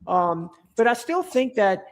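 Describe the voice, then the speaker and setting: A man's voice: high-pitched, sing-song, a little slow. A man talking as a podcast guest in casual chat, rambling and enthusiastic, with many restarts and fillers.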